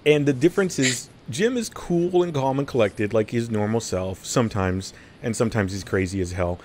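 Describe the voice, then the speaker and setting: A man's voice: moderate pace, darkish tone, slight background noise. A man chatting casually on a podcast, rambling and self-deprecating, acting out quotes. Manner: rambling, self-deprecating, acts out quotes with big pitch jumps. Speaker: guest streamer.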